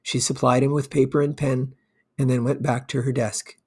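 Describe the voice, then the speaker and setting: A man narrating a classic short story as an audiobook, with calm, measured reading. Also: medium pitch, breathy edge. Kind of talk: scripted narration.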